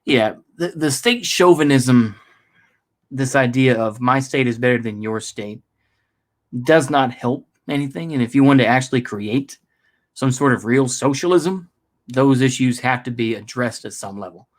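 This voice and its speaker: A man from the United States rambles through a casual political vlog. His voice sits at a middle pitch. He fills his talk with hedging asides and jokes at his own expense. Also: normal speed. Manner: rambling, self-deprecating, with frequent fillers. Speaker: political vlogger.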